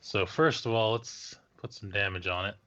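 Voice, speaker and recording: Bright-voiced man at the game table. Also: on the low side, fairly even intonation, normal speed. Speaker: player. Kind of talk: casual tabletop play. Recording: dull lo-fi mic with faint noise.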